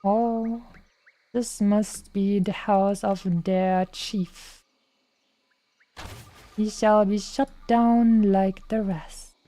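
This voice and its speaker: A woman's voice: medium pitch, steady tone, extremely slow, pauses often, dark tone, no room sound. A young woman streaming a game, chatting casually and playfully, tossing in silly sound effects. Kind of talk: casual gaming chat.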